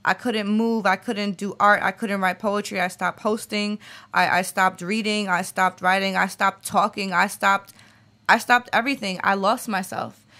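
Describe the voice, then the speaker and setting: Woman in her late twenties, poet guest, earnest reflective tone, bright voice. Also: medium pitch, fairly even intonation, normal speed. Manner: earnest and reflective, frequent fillers. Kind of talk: interview chat and spoken-word poetry reading.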